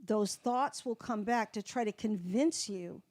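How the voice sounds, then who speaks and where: A woman's voice: mid-range voice, a little slow, darkish tone, no room sound. A woman in her seventies, a guest in a casual interview, telling candid stories and folksy sayings in a plainly conversational way. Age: 70s. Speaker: guest, folk singer in long recovery.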